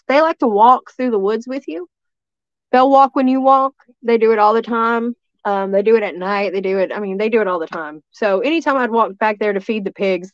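A woman's voice: fairly high pitch, no room sound, lo-fi sound. A woman from East Tennessee, telling a story as a guest in a rambling way, full of restarts and fillers. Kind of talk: casual storytelling.

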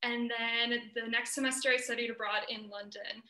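A woman's voice: on the high side, level tone, normal speed, bright, forceful tone, reverberant, poor audio. A young American woman giving an earnest, explanatory student presentation over a video call. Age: young adult.

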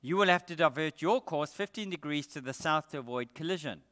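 A man voicing a calm male lighthouse keeper on the radio, flat and unbothered. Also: on the high side, fairly quick. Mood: unmoved. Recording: echoey church hall.

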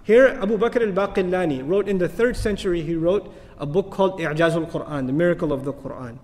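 Fast-talking high-voiced male lecturer. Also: in a large hall. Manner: animated, rising to emphatic peaks and dropping to soft asides; recites Arabic verses in quick chanted bursts. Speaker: Islamic lecturer. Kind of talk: lecture on the Quran.

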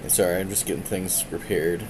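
Low-voiced man rambling on a stream. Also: steady tone, fairly quick, background noise. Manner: rambling, self-deprecating, muttering to himself. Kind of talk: casual live-stream chat.

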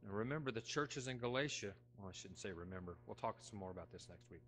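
A middle-aged man preaching a sermon as pastor, talking conversationally with folksy, self-deprecating humor, moving between loud emphasis and hushed asides. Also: lowish voice, expressive, fast, slight background noise. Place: church sanctuary.

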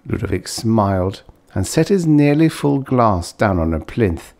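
Low-voiced man narrating a story. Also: sing-song, unhurried, vocal fry, darkish tone. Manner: voices characters with raised pitch. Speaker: audiobook narrator. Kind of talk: scripted narration of a vintage science fiction story.

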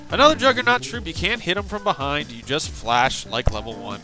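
A man's voice: a little high, expressive, a little fast, hardly any pauses, over music, low-quality recording. A man giving ranting gameplay commentary as a game reviewer, sarcastic and profane.

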